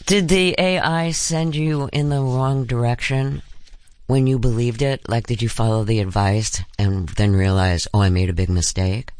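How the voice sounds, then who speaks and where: A man's voice: mid-range voice, fairly even intonation, normal speed, a little mellow, clean tone, no room sound. A man in his thirties hosting an interview, asking probing follow-up questions. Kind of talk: interview conversation.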